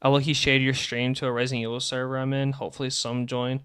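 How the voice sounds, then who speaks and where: A young man streaming live, chatting excitably and rambling about game lore. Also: mid-range voice, clean tone, no echo, studio quality. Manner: excitable, rambling, quick bursts of laughter.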